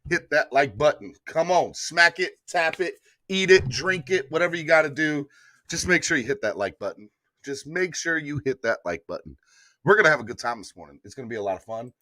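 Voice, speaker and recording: A man's voice: on the high side, lively intonation, brisk, sharp tone, no echo, studio quality. Hyped man hosting a live morning show. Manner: hyped, repetitive calls to like and subscribe. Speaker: sports podcast host.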